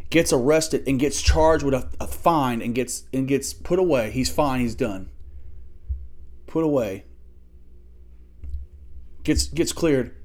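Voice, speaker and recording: Profane man ranting about college sports. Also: mid-range voice. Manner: angry, profane, swings from shouting to muttering. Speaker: podcast host. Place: small home studio room.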